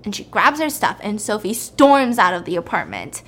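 A woman chattily retelling a film plot to a friend, animated and checking in with her listener. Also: medium pitch, normal speed, slight background noise.

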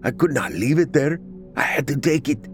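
A man narrating a dramatic story in the first person, with expressive, emotional delivery. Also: medium pitch, moderate pace, faint music behind.

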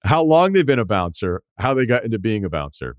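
Wry low-voiced man hosting a podcast. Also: sing-song, fairly quick, dry recording, studio quality. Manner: wry, profane, riffing asides. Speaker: podcast host. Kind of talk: casual chat, reading a listener email.

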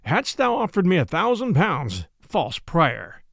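A proud knight brought low, read by a man who voices him, speaking in solemn, archaic phrases. His voice sits high and moves a lot, with a gravelly edge, recorded close and dry. It sounds like a classic storybook reading. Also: wildly swooping pitch, measured pace, a bit bright, no echo, full character voice. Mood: stern. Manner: solemn, pleading then stern. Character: proud wronged knight, older man, stern.

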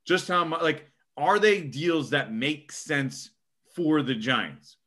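A young man giving casual sports podcast analysis, emphatic and animated, often tacking on "okay?". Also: on the high side, slow pace, slight background noise. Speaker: co-host.

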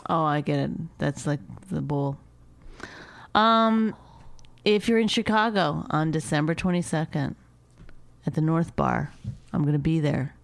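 A woman's voice: low voice, unhurried, gravelly, long pauses. A middle-aged woman co-hosting a podcast, trading sarcastic comebacks with her husband in casual chat. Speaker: podcast co-host.

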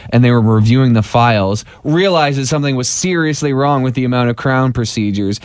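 A man's voice: mid-range voice, clean tone, no room sound. A man co-hosting a radio show, telling a news story in a casual joking way. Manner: jokey, drawn-out storytelling.

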